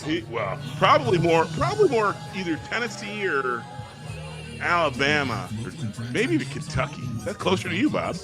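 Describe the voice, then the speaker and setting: Lively, laughing man in a bar. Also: high-pitched, over music. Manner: laughs often while talking, quick to correct others. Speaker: podcast co-host. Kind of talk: casual banter. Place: bar during a football game.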